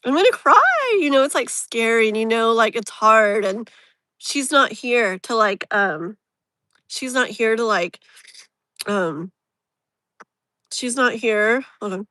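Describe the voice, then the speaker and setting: A woman's voice: on the high side, slow pace, long pauses, sharp tone, no room sound. A woman hosting a casual live tarot reading, rambling and emotionally open, with lots of fillers. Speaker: tarot reader, live stream host.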